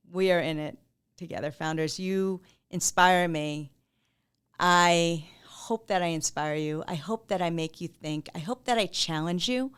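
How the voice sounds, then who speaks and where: Woman, podcast host, smooth clear voice, candid, laughs a lot, casual swearing. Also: fairly low pitch. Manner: candid, warm-hearted, laughs often, swears freely. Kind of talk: casual monologue to listeners.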